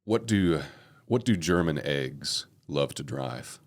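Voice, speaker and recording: Very deep-voiced Texan man hosting a podcast. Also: takes it slowly. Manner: relaxed, joking, tells dad jokes with small put-on voices. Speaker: podcast host. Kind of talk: casual interview chat.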